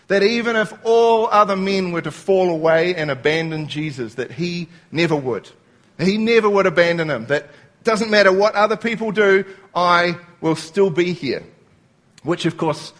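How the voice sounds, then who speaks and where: High-pitched guy preaching in a church, explaining scripture line by line. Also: fairly bright tone. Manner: explains scripture word by word, quoting lines and laughing at his own slips. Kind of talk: sermon.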